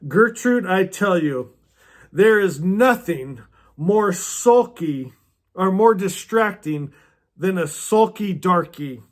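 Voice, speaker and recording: A man voicing a prim, self-righteous older church lady from a novel, with a prissy, drawn-out delivery. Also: sits high, lively intonation.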